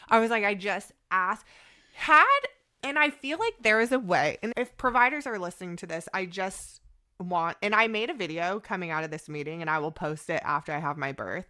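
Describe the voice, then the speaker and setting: Animated bright-voiced woman telling a story. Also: medium pitch, clean tone. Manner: animated, quotes conversations in voices. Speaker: podcast guest. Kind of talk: casual storytelling chat.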